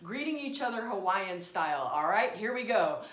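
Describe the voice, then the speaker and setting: A woman's voice: mid-range voice, sing-song, normal speed, fairly bright tone, roomy sound. A woman leading an online laughter yoga class, coaxing the group through exercises and breaking into laughter herself. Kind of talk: guided group exercise instruction.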